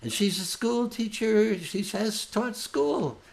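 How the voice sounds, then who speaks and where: A man's voice: high-pitched, animated, takes it slowly, vocal fry, darkish tone. An older man, a folk singer, talking earnestly and rambling, often restarting his sentences. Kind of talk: heartfelt casual chat after a song.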